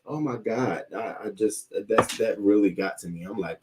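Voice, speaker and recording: Man, livestream commentary host, very low voice, heated profane rants, loose unscripted delivery. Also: sing-song, moderate pace, hardly any pauses. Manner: heated, profane ranting with many restarts. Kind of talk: unscripted commentary while reading live chat.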